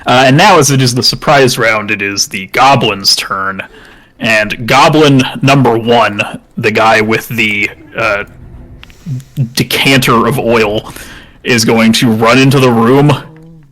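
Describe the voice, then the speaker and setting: A good-humored man serves as dungeon master, narrating a tabletop game in a relaxed, conversational way. He sets scenes and rules on actions with easy amusement, often breaking into a chuckle. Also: medium pitch, slow pace, low-quality recording.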